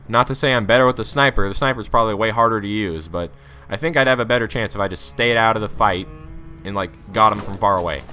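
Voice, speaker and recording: Low-voiced man rambling over gameplay. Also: quick pace, soft background music. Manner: rambling, excitable, talks to viewers. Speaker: gaming YouTuber. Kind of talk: live gameplay commentary. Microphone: USB desktop microphone.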